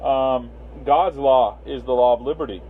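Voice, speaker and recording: A man's voice: mid-range voice, moderate pace. Guy on a livestream rambling w lots of uhs, phone-line quality sound, light hiss. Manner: rambling, many fillers, greets viewers by name. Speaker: livestream host. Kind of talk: casual livestream talk. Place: Las Vegas.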